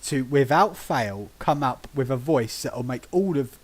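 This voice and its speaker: A man from Britain hosting a relaxed podcast chat. His voice sits on the higher side for a man. He tells lively tabletop game stories, acts out quotes and laughs easily. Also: moderate pace, hardly any pauses. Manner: animated storyteller who acts out quotes and laughs often. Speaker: podcast host.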